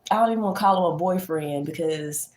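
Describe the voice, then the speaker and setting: A woman's voice: on the low side, quick pace, a little mellow. Chatty congested woman. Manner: chatty, folksy, addresses viewers as y'all. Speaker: vlogger. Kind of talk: casual chat to camera.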